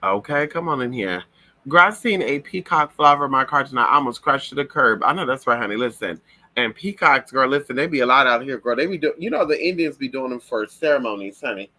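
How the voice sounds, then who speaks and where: A man hosting a casual livestream, telling stories in a sassy, profane, animated way and breaking into shrill voices for the people and birds he mimics. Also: brisk. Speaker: livestream host. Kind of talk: casual gossip chat.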